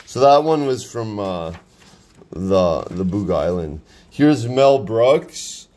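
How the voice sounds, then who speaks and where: A man's voice: on the low side, very animated, slow, darkish tone. A man in his thirties rambling casually about his sketchbook drawings, with many fillers and restarts. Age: 30s. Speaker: artist showing his sketchbook.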